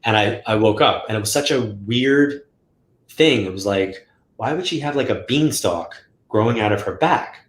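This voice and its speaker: A man's voice: lowish voice, normal speed. A man being interviewed as a guest, telling stories casually and acting out quotes in a raised voice. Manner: animated, acts out quotes in a raised voice. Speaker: guest psychic medium. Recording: roomy echo.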